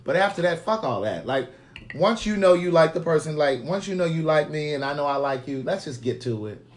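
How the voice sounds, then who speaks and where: Loud, animated man telling stories. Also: a little high, fairly quick. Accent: Baltimore area. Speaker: host. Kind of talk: casual live chat.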